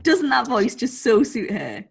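Female co-host; chatty, self-deprecating, husky voice, slightly high. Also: very animated, measured pace. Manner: chatty, self-mocking, giggly. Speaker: podcast co-host. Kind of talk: casual chat.

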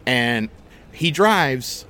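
A man hosting a podcast, telling a story in a casual, animated, chatty way and swearing freely. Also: mid-range voice, extremely slow. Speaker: podcast host.

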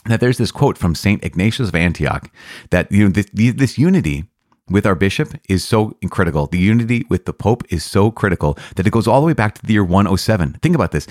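Deep-voiced earnest priest teaching. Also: male voice, no room sound, studio quality. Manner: earnest, enthusiastic, with frequent restarts and repetitions. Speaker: priest podcast host. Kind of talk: catechism commentary.

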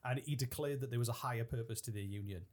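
A man's voice: mid-range voice, quick pace, darkish tone. A man hosting a podcast, casually telling a history story with jokey tangents. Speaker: podcast host.

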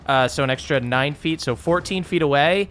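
A man's voice: fairly high pitch, moderate pace, slight background noise. A man playing a tabletop game, talking casually with hesitant fillers and jokes. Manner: relaxed, hesitant, joking. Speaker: player.

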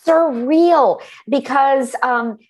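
A woman author being interviewed, who tells her stories in a warm, animated way. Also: sits high, very slow. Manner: warm, storytelling, animated when recalling moments. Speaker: author and guest. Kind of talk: conversational interview.

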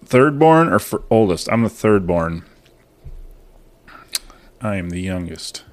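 A man's voice: on the low side, big pitch swings, slow pace. A man co-hosting a podcast, chatting casually, reading questions aloud and cracking crude jokes. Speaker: podcast co-host. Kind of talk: casual chat over cocktails.

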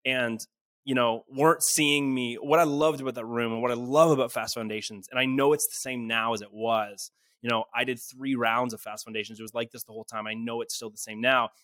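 Man, 20s, from small-town Canada, podcast guest, animated storyteller, middle pitch, dry close sound. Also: brisk, dry recording. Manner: lively, acts out quoted dialogue, casual fillers.

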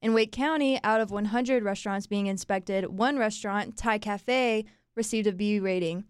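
A woman's voice: medium pitch, normal speed, clear, resonant tone, no room sound, clean studio sound. A young woman co-hosting a casual local-news podcast, chatty and laughing easily. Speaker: podcast co-host.

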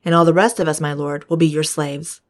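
A woman's voice: low-pitched, steady tone, a little fast, lightly acted. A woman reading as protesting brothers. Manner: protesting, earnest read-aloud delivery. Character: group of anxious brothers, adult men.

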